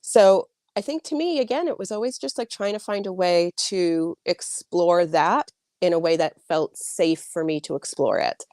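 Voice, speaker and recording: Chatty woman author with a low voice. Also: normal speed, darkish tone, no room sound, clean studio sound. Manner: chatty, many likes and restarts. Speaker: author guest. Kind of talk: casual interview answers.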